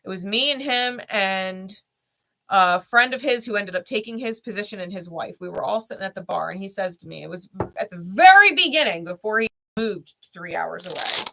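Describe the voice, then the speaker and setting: A woman talks straight into the camera in a candid vlog, blunt and heavy on the swearing. Her voice is gravelly and bright, and she hammers her points home in short, repeated lines. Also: mid-range voice, lively intonation, normal speed. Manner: blunt, heated, swears a lot, speaks straight to the listener. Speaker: tarot reader and channel host. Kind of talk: candid personal vlog monologue.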